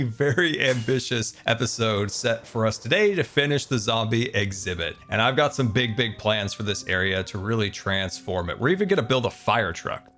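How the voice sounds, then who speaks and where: A man playing a video game and giving playful, excitable commentary as he builds and jokes. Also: medium pitch. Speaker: gaming YouTuber. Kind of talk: gameplay commentary.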